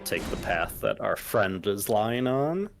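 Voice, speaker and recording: A man's voice: lowish voice, very animated, unhurried, creaky, soft background music. A man co-hosting a gaming stream in casual chat, explaining lore and telling the player where to go. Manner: explains game lore and gives directions. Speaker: co-host guiding the player.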